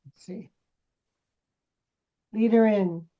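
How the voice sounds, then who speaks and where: A woman's voice: mid-range voice, fairly even intonation, drawn-out words, mellow. A woman acting teacher coaching students through a scene, brash and teasing as she pushes them. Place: acting class studio. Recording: dull lo-fi recording.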